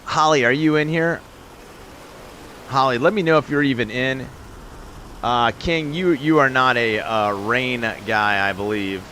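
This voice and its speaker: A male live-stream host and game commentator chats with his audience and calls the play-by-play. His bright, medium-pitched voice is chatty and upbeat, and he speaks straight to viewers in chat over slight background noise.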